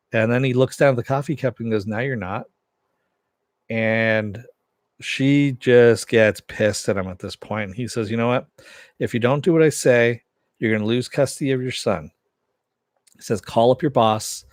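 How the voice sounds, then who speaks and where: Low-voiced man recapping a TV episode. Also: dry recording, studio quality. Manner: rambling, filler-heavy retelling. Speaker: TV episode reviewer.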